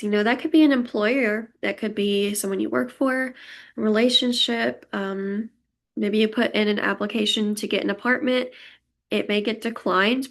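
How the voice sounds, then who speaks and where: Woman doing a pick-a-card tarot reading, raspy fry, kinda emotional and chatty, laughs a lot. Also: medium pitch. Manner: warm, reassuring tone toward viewers.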